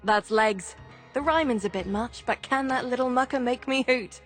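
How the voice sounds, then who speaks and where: An actress playing a gruff, seasoned woman who leads a workers' union in a video game; she talks in blunt, clipped, weary lines. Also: a little high, normal speed, faint music behind, close to an everyday voice. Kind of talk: video game character dialogue.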